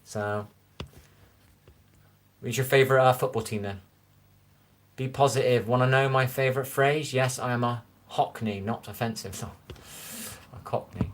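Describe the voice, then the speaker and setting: Man, 40s, thick West Country accent, casual home livestreamer, mid-pitched and unhurried, loose and rambling. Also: steady tone, slight background noise. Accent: West Country English. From England. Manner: rambling, answers chat comments aloud. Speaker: livestream host. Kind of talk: casual live-stream chat. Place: room at home.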